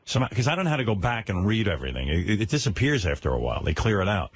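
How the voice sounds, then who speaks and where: A middle-aged man hosts a radio talk show and teases his guests in a wry tone. His pitch moves a lot as he talks, and his voice has a slightly husky edge. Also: very animated, very fast. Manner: wry, teasing. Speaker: host.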